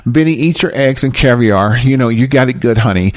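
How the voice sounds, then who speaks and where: A man's voice: medium pitch, expressive, a little fast, no room sound, voice pushed down, lightly acted. A man voicing a pious, sheltered mother who talks with prim, false sweetness. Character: pious sheltered woman, a mother scolding her son.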